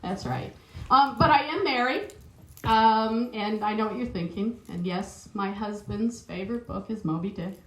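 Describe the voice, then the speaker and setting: A woman's voice: medium pitch, moderate pace, slight background noise. A middle-aged woman with a New Zealand accent doing a chatty, self-mocking stand-up comedy set on stage, laughing at her own jokes. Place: stage at a live improv show. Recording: roomy live venue sound.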